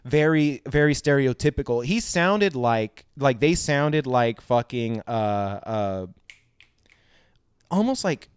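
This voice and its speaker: A man's voice: mid-range voice, takes it slowly, clean tone, no room sound. Laughing, cursing podcast host guy. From Southern California. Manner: laughs often, swears casually, animated storytelling. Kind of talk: casual chat.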